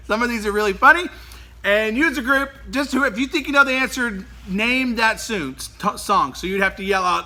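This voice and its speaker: A man leading a kids' worship lesson with an animated, playful delivery. His voice sits fairly high and bounces through a wide range. The tone is bright and forceful. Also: normal speed. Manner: animated, playful, keeps breaking into laughter. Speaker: children's worship leader. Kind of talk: lively children's lesson.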